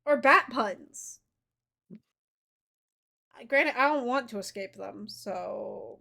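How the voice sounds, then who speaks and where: Young woman streaming, high pitched, giggly and teasing, super animated chat. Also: very slow, gravelly, long pauses.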